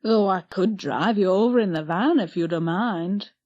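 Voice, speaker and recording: A woman reading an audiobook, voicing an easygoing middle-aged male gardener who speaks mildly in plain country dialect with a lowered voice. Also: moderate pace, a little mellow, dry recording, muffled recording, close to an everyday voice. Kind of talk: audiobook character voice.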